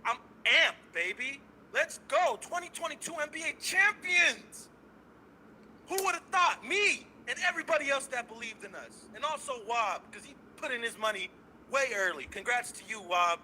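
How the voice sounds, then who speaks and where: A man calling into a show, ranting with loud, cocky excitement and swearing. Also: very high-pitched, normal speed, slight background noise, low-quality recording. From San Francisco Bay Area. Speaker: caller. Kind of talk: hyped fan call-in rant.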